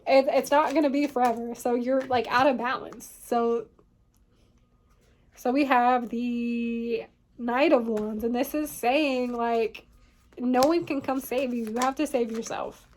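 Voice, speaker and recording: A woman's voice: on the high side, fairly even intonation, measured pace, darkish tone, slight background noise. A woman giving a casual tarot reading, rambling and filling her talk with "like" and "you know what I mean". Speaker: tarot reader.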